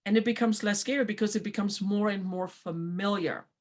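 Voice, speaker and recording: A woman hosting a talk show, chatting in a casual motivational way and acting out quoted voices with lively swings. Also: medium pitch, a little fast. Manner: animated, acts out quoted voices. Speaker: podcast host.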